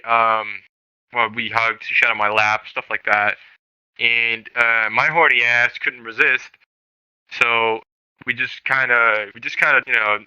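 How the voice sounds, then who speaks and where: Bright, crisp-voiced young man ranting. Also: medium pitch, no room sound, poor audio. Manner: rambling, profane, self-interrupting. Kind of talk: casual storytelling. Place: virtual reality social game.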